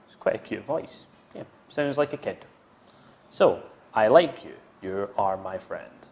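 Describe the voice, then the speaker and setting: Slow, patient male English teacher. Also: on the low side, expressive, darkish tone. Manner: explains step by step, repeats each example sentence. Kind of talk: slow, patient grammar lesson.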